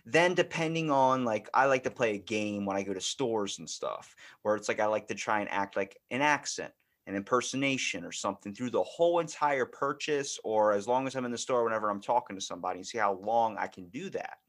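A man with a Baltimore accent hosting a podcast, chatting casually and telling lively stories, swearing freely. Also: fairly low pitch, brisk. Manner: animated storytelling, swears freely. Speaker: podcast host. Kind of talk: casual chat.

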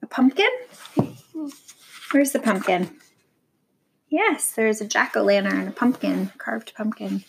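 A woman reading a picture book aloud to a young child, gentle and warm, stopping to ask the child questions. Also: mid-range voice, animated, takes it slowly, vocal fry, pauses often, noisy background.

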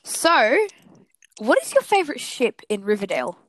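Coughing woman with a lively high voice. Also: moderate pace, no room sound. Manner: apologetic, keeps excusing interruptions. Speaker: podcast host. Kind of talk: casual chat.

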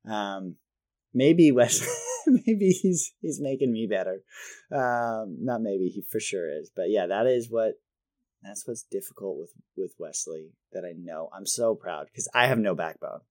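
A man in his thirties co-hosting a podcast, chatting casually and rambling, self-deprecating and quick to laugh. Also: fairly low pitch, no echo, studio quality. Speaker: podcast co-host. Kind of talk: casual chat.

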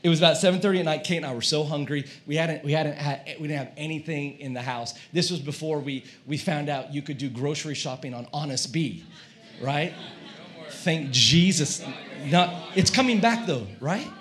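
A male pastor preaching a sermon, telling a comic story in an animated way and acting out his own shouting. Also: fairly high pitch, moderate pace. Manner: animated, acts out quoted shouting.

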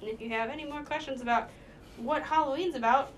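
Young woman podcast cohost, chatty and giggly, slightly high voice, rambling casual storytelling, faint hiss underneath. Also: fast talker, low-quality recording. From Minnesota. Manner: giggly, rambling, lots of fillers. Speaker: podcast co-host.

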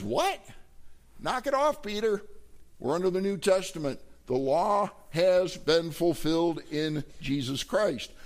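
Animated high-voiced man preaching. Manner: emphatic, rising to high pitch for quoted voices; addresses the congregation directly, asking questions. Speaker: pastor. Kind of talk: sermon.

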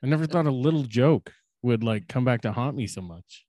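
A man's voice: mid-range voice, animated, a little fast, mellow, no room sound, studio quality. A young man co-hosting a casual podcast, rambling and crude, mocking himself and laughing often. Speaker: podcast co-host.

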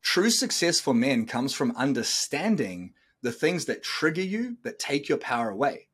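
A man's voice: medium pitch, sing-song, moderate pace, a bit bright, husky. A middle-aged man hosting a podcast, talking bluntly and coaching listeners, swearing freely. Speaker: podcast host. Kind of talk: casual podcast talk.

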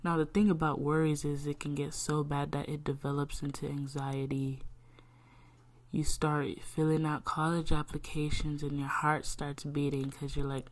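Low-voiced young woman, candid faith talk. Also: level tone, moderate pace. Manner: candid, talks to herself aloud, lots of "like". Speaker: podcast host.

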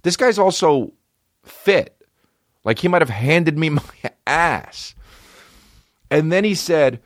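A man's voice: fairly high pitch, animated, slow pace, pauses often, no room sound, studio quality. A man in his thirties hosting a podcast, telling rambling, profane, self-deprecating stories in a casual comedic way. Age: 30s. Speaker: podcast host.

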